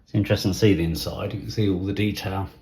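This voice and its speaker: A middle-aged English model railway vlogger talks through a hobby unboxing at his workbench, musing aloud with halting fillers. His very low voice has a gravelly fry and a dark, mellow tone that stays steady and often drops to a soft half-whisper.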